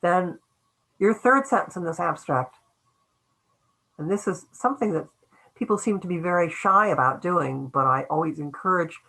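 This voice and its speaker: A woman's voice: lowish voice, normal speed, pauses often, pushed and bright, rough recording. An older woman giving a webinar lecture on academic writing, talking in a loose conversational way with restarts and acted-out quotes.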